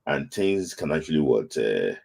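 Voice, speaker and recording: A Nigerian man with a husky, dark-toned voice hosts a casual football live stream. He speaks in a lamenting way, circling back to the same phrases again and again, while his pitch swings widely. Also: sing-song, normal speed. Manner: lamenting, repeats phrases over and over. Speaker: football talk show host.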